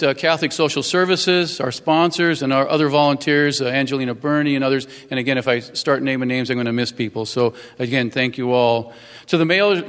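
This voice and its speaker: A man's voice: fairly high pitch, a bit bright, big-room sound. A man in his fifties giving a folksy, earnest public speech as a newly sworn-in mayor, thanking people at a ceremony. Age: 50s. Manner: folksy and earnest, with many fillers.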